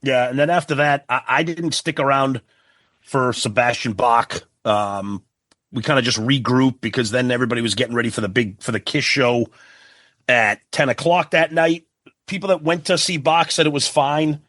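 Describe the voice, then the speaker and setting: Mid-pitched man, steady casual podcast talk. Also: no room sound, studio quality. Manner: steady, brisk, frequent short agreements. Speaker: podcast co-host. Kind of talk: casual chat.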